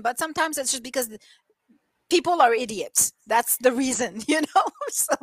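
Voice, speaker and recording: A chatty woman with a light French-Canadian accent tells stories in a high-leaning voice that swings up and down as she acts out other people. She laughs often, and the sound is close and dry, with no room echo. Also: lively intonation, normal speed. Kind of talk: casual chat.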